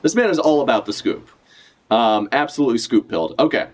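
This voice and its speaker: A man giving casual live reaction commentary as a streamer, animated and profane, laughing often as he talks. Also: mid-range voice, a little fast. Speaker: streamer reacting to a manga chapter.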